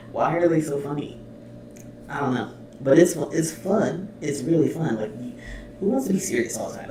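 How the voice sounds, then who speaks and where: Laughing reaction host in a roomy room. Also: male voice, fairly high pitch, expressive, normal speed. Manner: laughs often, exclaims and swears. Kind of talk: casual reaction commentary, reading subtitles aloud. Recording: roomy distant mic with faint noise.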